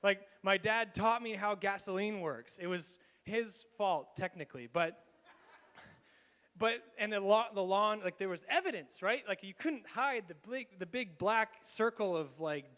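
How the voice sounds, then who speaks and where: Animated high-voiced pastor in a reverberant hall. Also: male voice, measured pace. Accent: Canadian. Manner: animated, laughing storyteller with many restarts. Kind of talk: storytelling sermon. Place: church sanctuary.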